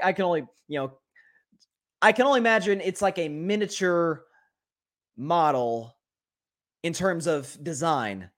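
A man hosting a solo sports talk show, giving animated and opinionated commentary and often repeating words as he thinks. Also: medium pitch. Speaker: sports podcast host.

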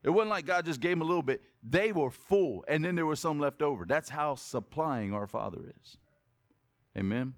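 A male pastor preaching a sermon, animated and conversational, jumping between loud exclamations and quiet asides and asking his congregation questions. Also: on the high side, normal speed, no room sound, studio quality.

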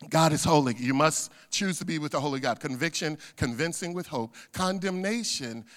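A middle-aged male pastor preaching a sermon, dropping to hushed asides and rising to loud shouts. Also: fairly high pitch. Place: church sanctuary. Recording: long church hall reverb.

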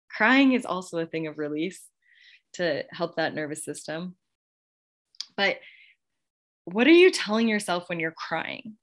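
Gushing woman hosting a motivational podcast. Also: on the low side. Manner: warm, gushing, laughs often. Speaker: podcast host. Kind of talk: casual motivational monologue.

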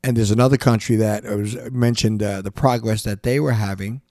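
A man's voice: lowish voice, steady tone, brisk, darkish tone, no room sound, studio quality. A man hosting a podcast, delivering an impassioned monologue, stumbling and repeating himself as he presses his point. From United States. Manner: repetitive, restarts often, emphatic rants. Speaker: podcast host.

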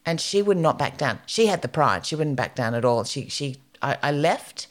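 A woman's voice: low voice, lively intonation, moderate pace. A middle-aged Australian woman co-hosting a podcast, telling stories animatedly in casual chat and swearing freely. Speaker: podcast co-host.

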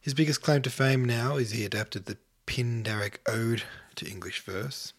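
A man's voice: mid-range voice, steady tone, normal speed, husky. A man hosting a casual solo podcast, short of breath, rambling and offhand, sometimes sinking to a near-whisper. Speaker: podcast host.

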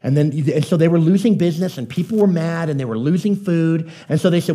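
A male pastor delivers a sermon with a soft, mellow tone sitting a bit above the usual male pitch. He talks to the congregation like a friend, telling stories and slipping in jokes and quick questions. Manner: conversational, joking storyteller addressing the congregation.

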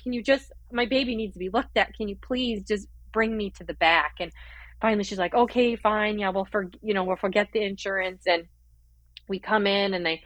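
Here a woman in her thirties, mid-range in pitch and fairly bright in tone, shares her birth story in a dry, echo-free recording. It comes out quick, rambling and heartfelt, crowded with fillers and quoted thoughts she performs aloud, an emotional personal account.

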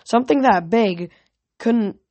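A woman's voice: fairly high pitch, unhurried, warm tone, no room sound, voice pushed up. A woman doing a wary, earnest teenage boy. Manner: earnest and uneasy.

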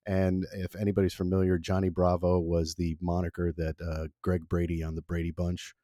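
A man's voice: sits low, completely flat delivery, brisk, warm tone, no echo, studio quality. A man in his forties, born in Italy with Italian as his first language, recalling his college radio days in a rambling, self-deprecating way with lots of fillers. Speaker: former college radio producer. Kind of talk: relaxed interview conversation.

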